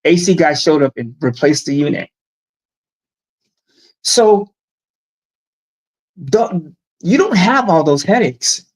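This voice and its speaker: Man, middle-aged, animated, emphatic, casual chat, slightly high voice. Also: slow pace, pauses often, low-quality recording. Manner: animated, storytelling, emphatic asides. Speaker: guest. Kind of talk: casual live-stream chat.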